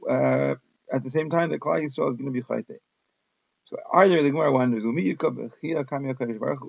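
Gravelly male Talmud teacher, reads then translates, dry close sound, dull audio. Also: a little high, no echo. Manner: reads Aramaic text then translates in casual English. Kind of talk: daf yomi Talmud lesson.

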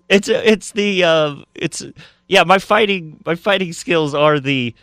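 A man co-hosting a casual sports podcast, rambling with restarts and quick reactions. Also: on the high side, a bit bright, no echo, clean studio sound. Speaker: podcast co-host.

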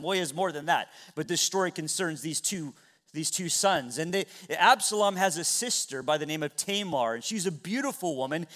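A man pastor preaching a sermon, retelling a story with dramatic swings between loud and soft. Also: on the high side.

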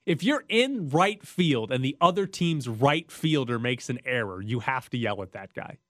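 A man's voice: mid-range voice, animated, normal speed, fairly bright tone, dry recording, studio quality. A young man co-hosting a casual sports chat, teasing and arguing his point with animation.

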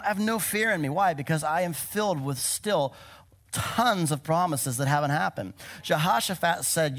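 Preaching man with a higher voice. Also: creaky, fairly bright tone. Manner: preaching with emphatic declarations and laughs. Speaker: pastor. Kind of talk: sermon.

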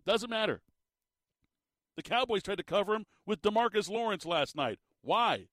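A man hosting a sports radio show, ranting in an animated, incredulous way with a tired, slightly squeaky voice. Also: moderate pace, no echo, studio quality. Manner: animated, incredulous rants with laughs. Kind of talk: sports talk radio monologue.

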